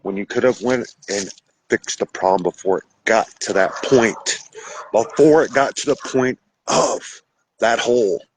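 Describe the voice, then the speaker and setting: A man hosting a podcast, lecturing about relationships in a blunt, casual way with some swearing, switching between fast bursts and slow, drawn-out emphasis. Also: fairly low pitch, slightly rough, poor audio. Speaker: podcast host. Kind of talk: relationship advice monologue.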